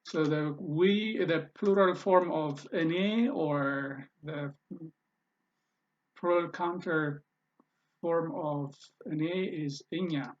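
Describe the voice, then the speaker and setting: A man's voice: fairly high pitch, highs cut off. A man teaching a language lesson over a screen recording, patiently repeating each pronunciation and thinking aloud as he edits his slides.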